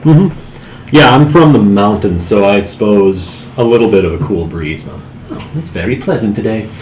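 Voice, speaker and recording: Easygoing lower-voiced male player; roomy, slightly hissy recording. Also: animated, normal speed, darkish tone. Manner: easygoing, playful, drifts into character. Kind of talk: tabletop role-play, casual chat. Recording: echoey room, faint hiss.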